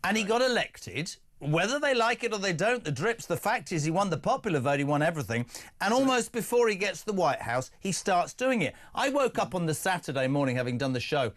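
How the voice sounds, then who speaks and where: A British man hosting a talk radio show, talking in an emphatic, animated way. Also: sits high, a little fast.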